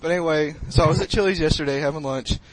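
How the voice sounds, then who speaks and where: A young man co-hosting a casual podcast, retelling an embarrassing story with laughs and cursing, jumping to loud shouts. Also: fairly high pitch, rapid-fire, a little hiss or hum, poor audio. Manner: excitable, laughs a lot, swears, rises to a shout when retelling. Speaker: podcast co-host.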